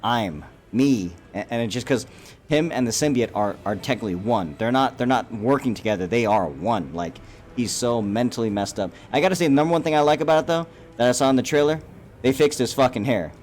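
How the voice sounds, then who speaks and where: A man's voice: mid-range voice, fast talker, darkish tone, faint music behind. A man giving a casual, profane, rambling reaction to a movie trailer, full of fillers and restarts. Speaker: YouTube commentator.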